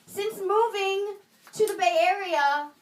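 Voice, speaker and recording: A woman performing a stand-up comedy set, with wry, sarcastic asides and pauses before punchlines. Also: very high voice. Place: small comedy venue in a video store, live audience. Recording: roomy live room, mic a bit distant, audience laughter.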